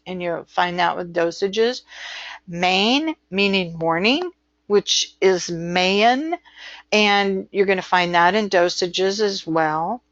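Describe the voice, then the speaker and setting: A woman's voice: mid-range voice, fairly bright tone, no echo, highs cut off. An American woman giving a recorded lecture as an instructor, chatty and full of fillers. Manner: chatty, filler-heavy, slow and deliberate.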